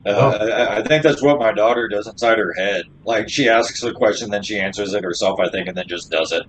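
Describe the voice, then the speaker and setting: A man's voice: fairly low pitch, a little fast, slight background noise, low-quality recording. A man in his thirties co-hosting a podcast, telling stories in laid-back, profane casual chat. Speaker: podcast co-host.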